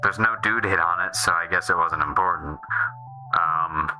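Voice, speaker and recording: A man's voice: sits low, moderate pace, sharp tone, faint music behind, low-quality recording. A man streaming a game, chatting casually in a rambling way that keeps restarting and trailing off. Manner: rambling, self-interrupting, restarts often.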